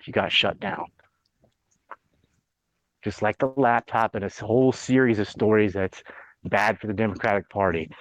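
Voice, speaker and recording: A man's voice: fairly low pitch, no echo, low-quality recording. A man hosting a podcast, ranting bluntly and sarcastically with plenty of swearing in casual political chat. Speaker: podcast host.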